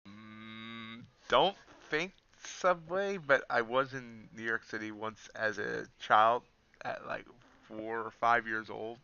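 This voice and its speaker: A man hosts a livestream, talking casually in an easygoing, self-deprecating way. His voice is bright and forceful in a mid range. The recording is dry and slightly dull. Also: medium pitch, slow pace, smooth, no room sound. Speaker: trading livestream host.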